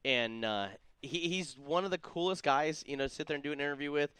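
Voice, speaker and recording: Fast-talking excited man. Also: fairly high pitch, smooth, no room sound. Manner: excited, stumbles and repeats words. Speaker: co-host. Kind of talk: casual storytelling chat.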